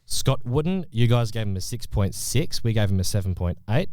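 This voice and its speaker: A man's voice: on the low side, sing-song, brisk, darkish tone, no room sound. A man co-hosting a football podcast, reading out player ratings in a joking, laid-back way. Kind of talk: casual chat.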